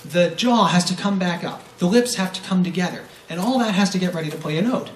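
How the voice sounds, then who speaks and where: A man's voice: high-pitched, fast talker. A man teaching a brass masterclass, explaining breathing with rhetorical questions and demonstrating vowel sounds. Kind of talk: masterclass lecture. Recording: roomy echo from a distant mic, faint noise.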